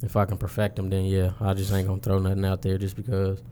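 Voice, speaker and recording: A man's voice: low voice, monotone, fast talker, dark tone, slight background noise. A man, a rapper, talking about his music in a loose, slangy interview chat. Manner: laid-back, slangy, loose storytelling. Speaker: rapper guest.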